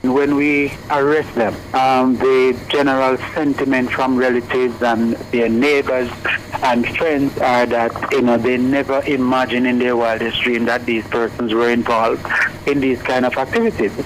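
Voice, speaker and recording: A man, a senior police official speaking in formal police language with pauses and restarts. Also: mid-range voice, level tone, slight background noise, poor audio. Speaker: police division director. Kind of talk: news interview clip.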